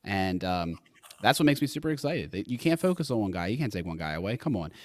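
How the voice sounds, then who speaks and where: A man's voice: lowish voice, sing-song, quick pace, no room sound, clean studio sound. A man co-hosting a casual sports talk show, speaking in an enthusiastic, rambling way. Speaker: co-host.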